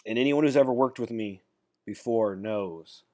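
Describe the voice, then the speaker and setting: Male dating coach, casual to-camera talk, lowish voice, blunt and rambling, restarts his sentences. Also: moderate pace, darkish tone. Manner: rambling storyteller, repeats words as he restarts; blunt, straight-talking.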